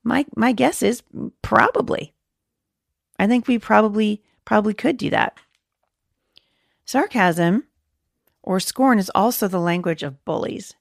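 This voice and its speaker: A podcast host gives an earnest devotional talk to moms, quoting scripture with lots of fillers and restarts. Her voice is medium-pitched, creaky and a little slow, with long pauses. The studio-quality recording has no room sound.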